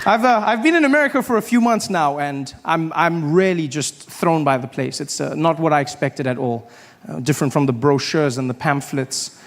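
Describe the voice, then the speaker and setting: A young man performs stand-up on a handheld stage mic, telling stories in an animated way with quick asides. His voice sits a bit above the usual male range. Clear background noise runs under the live stage recording. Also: a little high. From South Africa. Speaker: stand-up comedian. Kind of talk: stand-up comedy set. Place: comedy stage before a live audience.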